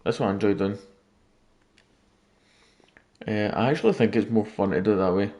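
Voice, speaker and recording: A man's voice: lowish voice, rapid-fire, dark tone, lo-fi sound. A man casually commenting on his gameplay late at night, rambling and joking with viewers. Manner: rambling, jokey, talking to viewers. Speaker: gaming YouTuber.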